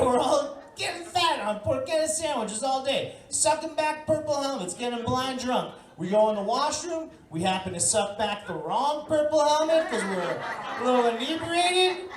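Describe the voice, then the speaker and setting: A woman doing a profane stand-up set at a bar comedy night, telling a story and shouting her punchlines, with the audience laughing. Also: on the high side, lively intonation, moderate pace. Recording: echoey bar room from far off.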